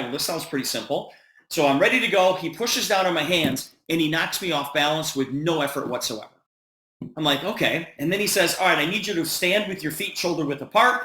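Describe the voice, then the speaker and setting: A man giving a sales presentation on a video call, telling an animated story and quoting the dialogue. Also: a little high, echoey room.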